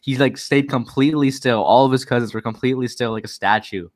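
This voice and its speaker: A man's voice: medium pitch, fast, dry recording. A young man telling a rambling story in casual chat over a video call, full of fillers and giggles.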